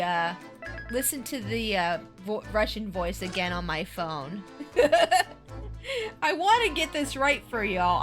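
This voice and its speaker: A woman streamer chatting casually and giggling while she plays a game. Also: medium pitch.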